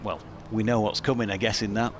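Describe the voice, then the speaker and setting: A man's voice: lowish voice, fairly even intonation, a little fast. An English man commentating on cricket with enthusiasm, often restarting his sentences as he chats. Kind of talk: ball-by-ball commentary and chat. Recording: outdoor booth with clear background noise.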